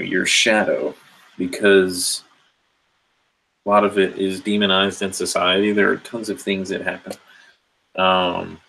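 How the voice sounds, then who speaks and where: A man's voice: sits low, creaky, a bit bright, slight background noise, poor audio. A man giving a rambling, earnest motivational monologue about inner growth, swearing casually as he talks. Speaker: spiritual self-help speaker.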